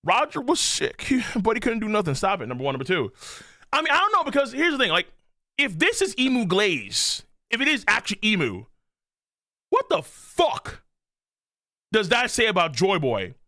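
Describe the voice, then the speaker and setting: Animated, swearing man reacting live. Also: sits high, normal speed, no room sound, clean studio sound. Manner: animated, profane, lots of laughing asides. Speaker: streamer. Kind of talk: live manga reaction stream.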